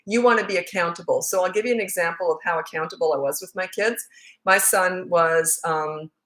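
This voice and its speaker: A woman's voice: lowish voice, a little fast, a bit bright. Middle-aged lady parenting coach chatting on a live, laughs a lot, loose storytelling. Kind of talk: casual livestream chat.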